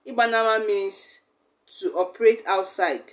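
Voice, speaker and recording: A woman's voice: medium pitch, normal speed. A young woman, teaching a language lesson in a chatty, explaining way. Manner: chatty, acts out little quoted exchanges.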